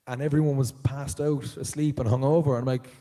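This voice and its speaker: A man with an Irish accent speaks at a live convention panel in a large auditorium. His voice is warm and relaxed, and he tells his stories with energy, often jumping into the voices of the people in them. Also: mid-range voice, fast. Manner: animated storyteller, jumps into voices of others. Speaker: panel guest, voice actor.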